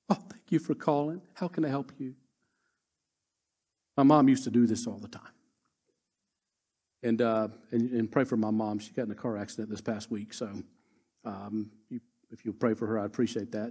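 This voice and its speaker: A man preaching a sermon as pastor, emphatic, slowing down to repeat his key lines. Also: mid-range voice, darkish tone.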